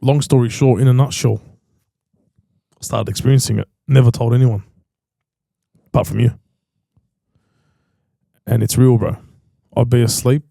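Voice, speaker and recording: A man's voice: mid-range voice, steady tone, normal speed, gravelly, long pauses, warm tone, dry recording. An Australian man hosting a podcast, talking in an emphatic, slangy way and repeating himself for stress. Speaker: podcast host. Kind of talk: casual chat.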